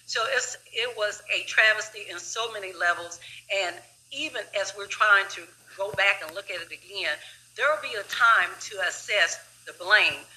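A woman who leads a law enforcement organization, answering interview questions in a measured, formal, professional way. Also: mid-range voice, sharp tone, rough recording. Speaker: law enforcement executive guest.

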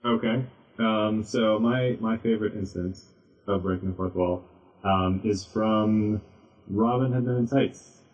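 A man on a casual podcast, talking haltingly with many ums and restarts. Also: on the low side, a little mellow, distant mic. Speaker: podcast guest. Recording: dull lo-fi audio, a bit off mic.

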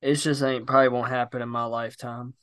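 A young man, chatting casually as a co-host in a blunt, animated, profane way. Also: medium pitch, quick pace, smooth, no room sound, clean studio sound. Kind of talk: casual chat.

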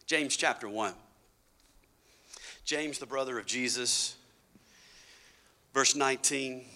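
A male pastor preaching a sermon, swinging between loud bursts and hushed asides. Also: mid-range voice.

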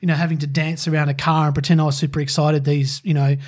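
A podcast co-host with a voice on the high side tells a rambling personal story at a quick pace, his tone level. His casual storytelling is packed with fillers and laughter.

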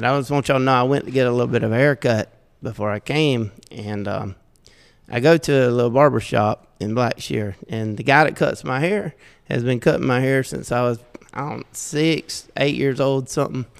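A middle-aged man with a Southeast Georgia drawl tells self-deprecating stories with a gravelly edge to his voice. He chuckles often as he talks. The sound rings with a long reverb, as if recorded in a large room. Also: mid-range voice, moderate pace. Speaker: podcast guest. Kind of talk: casual storytelling.

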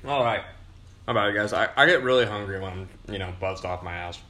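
A young man talks on his podcast with a bright, forward tone, loose and a little tipsy from beer. He meanders through his thoughts, swears freely and leans on fillers. The room gives his voice a noticeable echo. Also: fairly low pitch, fast talker. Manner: profane, meandering, frequent fillers. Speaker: podcast host. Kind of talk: rambling casual monologue. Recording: roomy echo.

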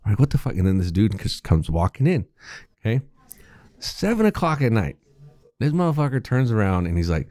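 A young adult man, a podcast co-host, telling a story in casual chat, profane and animated, laughing often. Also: lowish voice, brisk, dry recording.

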